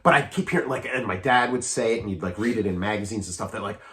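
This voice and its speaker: A man's voice: fairly low pitch, quick pace, fairly bright tone. A man in his forties co-hosting a podcast, chatting casually about films in a rambling, eager way full of fillers and restarts. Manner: eager, often laughing. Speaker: podcast co-host.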